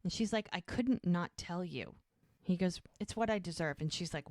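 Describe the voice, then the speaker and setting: A woman's voice: on the low side, normal speed, a little mellow, no echo, clean studio sound. A woman co-hosting a podcast, casually recapping a scene and acting out the characters' lines. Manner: retells scenes, acting out dialogue. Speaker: podcast co-host.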